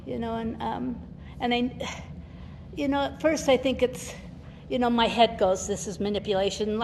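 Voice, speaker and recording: In a reverberant meeting hall with faint background noise, an older woman with a somewhat high, creaky voice delivers a frank and emotional testimony as a recovery meeting guest speaker. She laughs a lot and performs the voices of the people she quotes.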